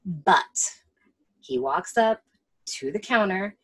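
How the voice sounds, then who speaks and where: A woman co-hosting a casual film chat, animated and profane, often acting out lines. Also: mid-range voice, takes it slowly, breathy edge. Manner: animated and profane, acts out quotes. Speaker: podcast co-host.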